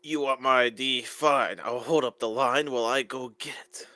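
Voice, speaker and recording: A man reading a story aloud to friends, in a lively, animated way. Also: mid-range voice, moderate pace, no echo. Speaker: story reader.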